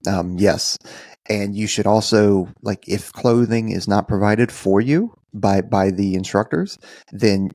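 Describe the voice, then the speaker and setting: Podcast guy with a gravelly low voice, kinda rambly, dry close mic. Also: unhurried, dry recording. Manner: rambling, restarts often, relaxed. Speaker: podcast co-host. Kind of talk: casual chat.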